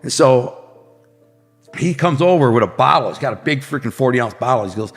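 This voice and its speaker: A man's voice: mid-range voice, animated, a little fast. A man from Detroit telling a street story in a vivid, slangy way, acting out scenes with sound effects. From Detroit, United States. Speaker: podcast guest. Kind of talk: casual storytelling. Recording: long hall reverb, faint music behind.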